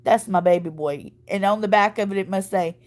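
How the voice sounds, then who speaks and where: A woman's voice: mid-range voice, a little fast. A woman hosting a casual livestream chat, tired from crying and little sleep, laughing and stumbling over words. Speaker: livestream host.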